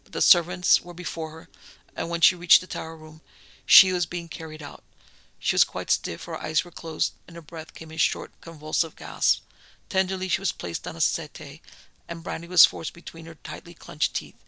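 A man narrating an old-fashioned ghost story in a measured, dramatic way. His voice is strongly gravelly and sharply bright, pitched a little high for a man. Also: little pitch movement, no echo, low-quality recording. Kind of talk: storybook reading.

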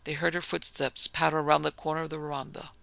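A man narrating a story in an even reading voice. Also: on the high side, quick pace, creaky, no room sound.

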